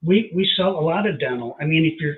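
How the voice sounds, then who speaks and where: A plainspoken man called in as an insurance agent guest, explaining his points in a straightforward, practical way. His voice sits a bit higher than most men's. The audio is thin and phone-like, as if he is coming in over a call. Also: animated, quick pace. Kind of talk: casual chat.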